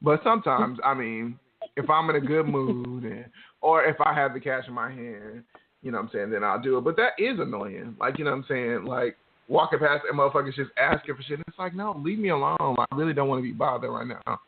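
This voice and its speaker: A man's voice: medium pitch, brisk, phone-quality sound. A man co-hosting a casual podcast, rambling candidly with a lot of profanity. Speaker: podcast co-host.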